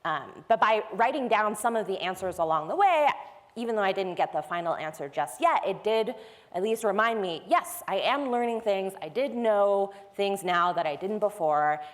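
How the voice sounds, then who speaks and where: Speaking at normal speed in a medium-pitched, expressive voice, a woman gives a technical talk at a conference. She breaks ideas down step by step, keeping it conversational. The large hall lends the audio a long reverb.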